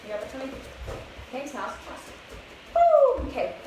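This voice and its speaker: Young woman, fitness instructor, upbeat and encouraging, slightly out of breath, high voice, far from mic, echoey. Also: quick pace. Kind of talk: live kids' workout class. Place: outdoors, open space. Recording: echoey, distant with background noise.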